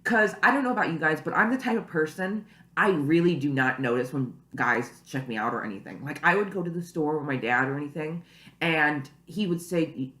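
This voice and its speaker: Early in the morning at home, a young woman vlogs casually to camera, rambling and chatty with plenty of "you know" and "like." Her voice is deep, fairly quick, and fairly bright, picked up by the camera mic in an echoey room.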